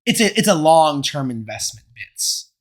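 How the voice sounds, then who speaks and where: A young man co-hosting a casual chat podcast, animated and laughing often, with frequent stammered restarts as he tells stories. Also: fairly high pitch, normal speed. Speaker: podcast co-host.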